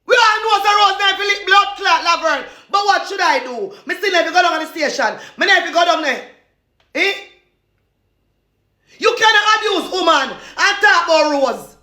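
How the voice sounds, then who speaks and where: A Jamaican woman in a loud, repetitive, cursing rant, laughing between insults. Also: extremely high pitch, animated, normal speed, roomy sound.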